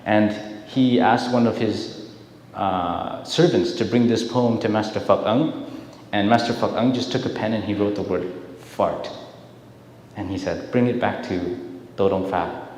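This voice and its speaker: Low-voiced man telling temple stories. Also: measured pace. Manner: storytelling, warm-hearted, repeats words. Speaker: dharma speaker. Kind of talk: dharma talk with storytelling. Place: temple hall. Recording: echoey hall, faint hiss.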